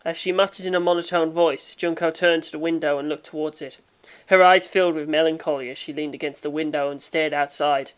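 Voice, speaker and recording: A woman narrates a fan audiobook in a low voice. Her reading is steady and measured. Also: clear, resonant tone.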